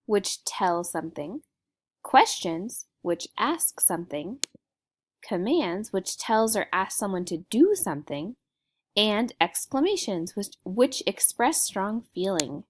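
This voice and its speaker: A woman teacher explaining a grammar lesson to young students in a clear, patient way. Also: mid-range voice, very animated, takes it slowly, slight background noise.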